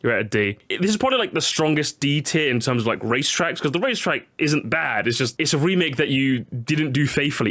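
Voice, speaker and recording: A young man chatting casually on a live stream, animated and jokey, talking to his chat. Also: a little high, fast, few pauses. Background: faint game music.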